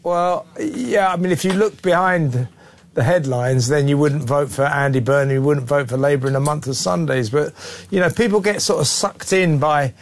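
A man's voice: a little high, normal speed. A man with a somewhat raised voice hosts a talk radio phone-in. He speaks bluntly and with open scorn, and he often talks over his callers. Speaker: radio talk show host.

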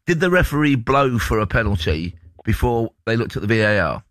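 Fast male radio host, dry close studio sound, teasing. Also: mid-range voice, very animated, a bit bright, no echo. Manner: brisk, teasing, chatty. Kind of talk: sports radio talk.

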